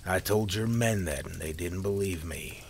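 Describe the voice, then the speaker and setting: A man's voice: sits low, normal speed, vocal fry, a little mellow, a little hiss or hum. A man voicing a stern, protective farmer father who speaks firmly and steadily.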